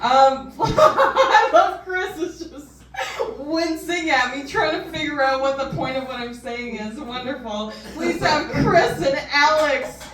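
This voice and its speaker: A woman's voice: high-pitched, lively intonation, slow. A woman hosting a comedy show, giggly and scattered, often correcting herself. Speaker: host. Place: large room at a comedy show. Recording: echoey hall, distant mic, loud crowd. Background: audience laughter.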